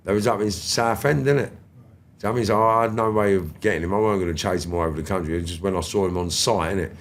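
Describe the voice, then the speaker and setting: Very deep-voiced London man in his fifties. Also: racing. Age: 50s. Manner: animated, swears freely, slangy street talk. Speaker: podcast guest. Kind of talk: storytelling interview.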